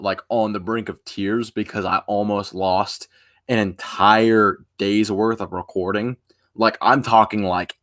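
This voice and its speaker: Young male streamer, lowish voice, tired, loose rambling chat that trails off quietly. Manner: rambling and informal, trailing off softly at the ends of phrases. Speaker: live streamer. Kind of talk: casual live stream chat.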